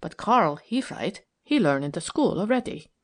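A woman voicing a humble immigrant workman who speaks slow, halting broken English. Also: on the low side, very animated. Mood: earnest.

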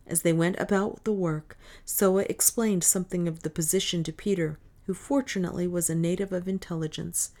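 A woman narrating an adventure novel in a steady, measured reading. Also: fairly low pitch. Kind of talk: audiobook narration.

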